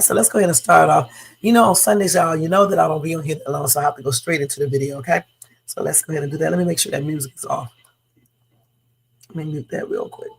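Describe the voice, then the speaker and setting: A woman's voice: lowish voice, vocal fry, slightly rough, poor audio. A woman hosting a casual reaction livestream in her morning voice, chatty and loose. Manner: chatty, loose, with fillers and Southern-style talk. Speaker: reaction streamer.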